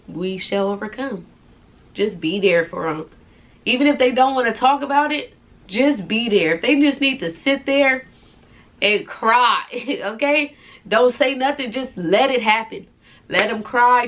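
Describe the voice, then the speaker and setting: A young woman speaks in a soft, heartfelt confessional vlog. Her voice sits at an everyday middle pitch and turns tearful at times. She talks informally, with casual slang. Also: a little hiss or hum. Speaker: vlogger.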